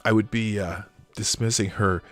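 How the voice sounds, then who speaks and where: A man's voice: fairly low pitch, steady tone, moderate pace, faint music behind. A man hosting a live stream, reacting to a clip with sarcastic, mocking comments and frequent laughter.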